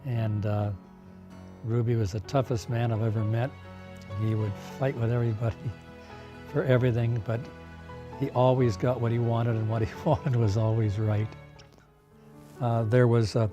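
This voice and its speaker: An older man telling stories in a documentary interview, unhurried, with fillers and soft laughs. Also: medium pitch, dull audio.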